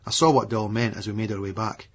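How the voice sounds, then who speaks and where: A man's voice: fairly low pitch, steady tone, fast talker, fairly bright tone, breathy edge. A man with an Edinburgh Scottish accent, narrating a gritty audiobook in a blunt, foul-mouthed first-person way. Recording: dull lo-fi remastered audiobook recording.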